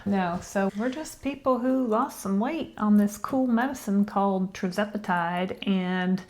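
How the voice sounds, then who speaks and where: A woman's voice: medium pitch, a little slow, darkish tone. A woman co-hosting a casual chat show, talking in a rambling, chatty way and dropping to a whisper for asides. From Tennessee. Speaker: co-host.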